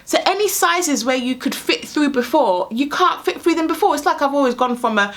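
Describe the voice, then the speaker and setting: A pregnant woman, chatting candidly to camera, animated and often laughing, and a little short of breath. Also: sits high, fairly quick. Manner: animated storyteller, laughs often, acts out quoted voices. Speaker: vlogger sharing pregnancy experiences. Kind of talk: casual candid chat to camera.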